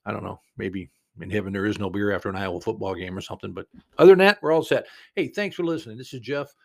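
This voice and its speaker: A man's voice: on the low side, quick pace, creaky. A man hosting a podcast, telling a personal story in a rambling, conversational way full of asides. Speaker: podcast host.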